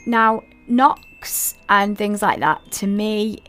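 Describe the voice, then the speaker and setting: A woman's voice: medium pitch, slow pace, fairly bright tone, faint music behind. A woman hosting a podcast, telling a paranormal story in a chatty way and talking straight to her listeners with asides. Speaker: podcast host.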